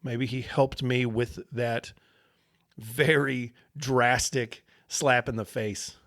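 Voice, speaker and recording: A podcast host telling a personal story, casual and animated, with steady swearing. His voice sits at an ordinary male pitch, and the sound is dry, close and free of echo. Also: takes it slowly.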